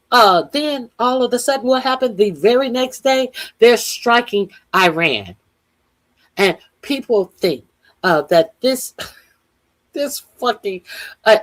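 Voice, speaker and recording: A woman hosting political commentary, talking off the cuff with many fillers and blunt, profane remarks. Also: medium pitch.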